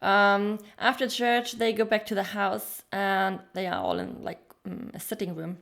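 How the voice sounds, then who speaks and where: A woman's voice: mid-range voice, steady tone, unhurried, vocal fry, a bit bright. A woman co-hosting a podcast, reviewing a TV episode in casual chat, with frequent ums. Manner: chatty, frequent ums, laughs while telling details. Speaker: podcast co-host.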